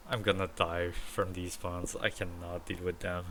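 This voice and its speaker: A man's voice: sits low, little pitch movement, normal speed, few pauses, heavy background noise. A man streaming a game, chatting casually and swearing as he plays. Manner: casual, laughing at the puns, swears. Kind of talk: game let's play commentary. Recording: loud game music behind.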